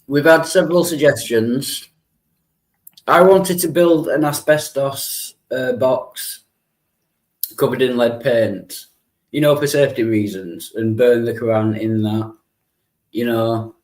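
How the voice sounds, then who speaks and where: A man's voice: mid-range voice, slow. A man co-hosting a livestream in casual chat, laughing often, mocking himself and swearing. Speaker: livestream co-host.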